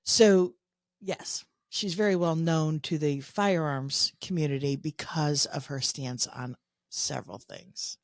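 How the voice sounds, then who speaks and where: A woman's voice: deep voice, fairly even intonation, takes it slowly, dry recording, clean studio sound. A woman co-hosting a casual political podcast, blunt and opinionated. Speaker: podcast co-host.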